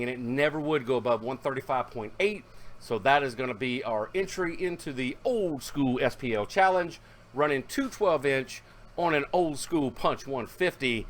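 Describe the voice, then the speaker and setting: A man, talking casually and rambling in a hobby video, with fillers and self-corrections. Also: mid-range voice. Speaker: car audio hobbyist vlogger. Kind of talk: casual vlog narration.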